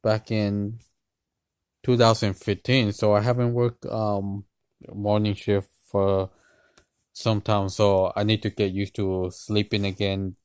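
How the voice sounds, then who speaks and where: A tired man talking hesitantly to camera in a personal vlog, with many pauses and restarts. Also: on the low side, little pitch movement, clear, resonant tone, dry recording. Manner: hesitant, many ums and restarts, soft-spoken. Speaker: vlogger.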